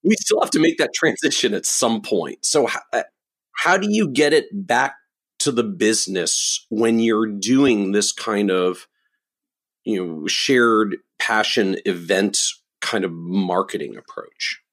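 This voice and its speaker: A man hosting an interview, relaxed and asking long follow-up questions. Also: fairly low pitch, unhurried. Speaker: podcast host. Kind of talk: conversational interviewing.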